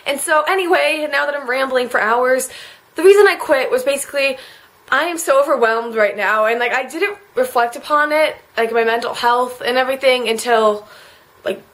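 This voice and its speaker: A woman's voice: sits high, normal speed, a bit bright. A teenage girl talking in a rambling, emotional confessional vlog, close to tears and full of filler words. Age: late teens. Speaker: vlogger.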